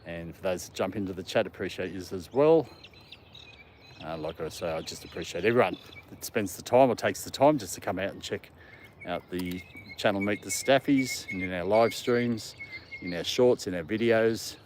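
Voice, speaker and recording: Out in a park with his dog, a vlogger talks casually to his live-stream audience and to the dog itself. He has a deep, darkish voice at a normal speed; light outdoor noise can be heard.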